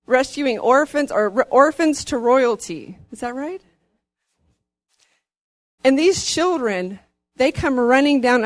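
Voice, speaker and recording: A woman giving an earnest testimony in church, her voice rising as she grows excited. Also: high-pitched, no room sound.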